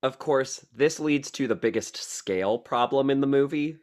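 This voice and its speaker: A man's voice: mid-range voice, moderate pace, darkish tone. A man co-hosting a podcast, gushing about a movie with enthusiasm and dry teasing in casual chat, recorded over a remote call. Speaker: podcast co-host.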